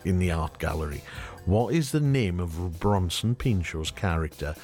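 A man's voice: sits low, lively intonation, slow, a little mellow, soft background music. A middle-aged man, hosting a radio show in a studio, chatting casually and running a quiz in a jokey, chuckling manner.

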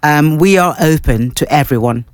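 A woman's voice: deep voice, normal speed. A woman who works as a care home engagement lead, guesting on a radio show, speaking earnestly and enthusiastically with some fillers. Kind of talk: casual radio interview. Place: radio studio.

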